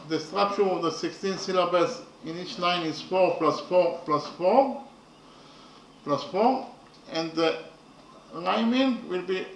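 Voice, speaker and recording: High-voiced man lecturing slowly. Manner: halting, repeats points with "okay?". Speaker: teacher. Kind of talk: lecture on poetry. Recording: echoey room, mic at a distance, faint noise.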